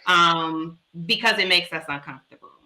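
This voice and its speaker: A woman doctor speaking as a talk-show guest, measured and earnest, with light laughs. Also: fairly low pitch, noisy background. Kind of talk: warm appreciative talk-show chat.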